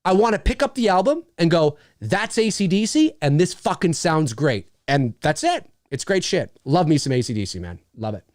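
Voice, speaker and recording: A man's voice: on the high side, sing-song, normal speed, few pauses, a little mellow, no room sound, studio quality. A man hosting a casual livestream, rambling enthusiastically and swearing freely as he reads viewer messages. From Canada. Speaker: livestream host.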